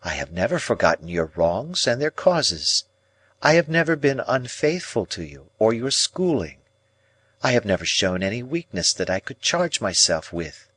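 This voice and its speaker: A man reading an audiobook voices a cold, proud young woman with a measured, coolly reasoning delivery. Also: on the low side, big pitch swings, fairly bright tone, slightly rough, no room sound, heavily acted.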